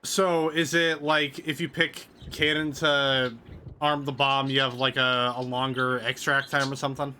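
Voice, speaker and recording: A man's voice: medium pitch, little pitch movement, a little slow, pushed and bright, slight background noise. A man chatting casually along with a video game stream, wry and talkative. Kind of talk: casual gameplay commentary.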